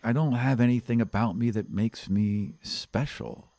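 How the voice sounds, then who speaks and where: A man voicing a restless young male town guard who talks in a wistful, low-key way. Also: a little slow, mellow, dry recording, lightly acted.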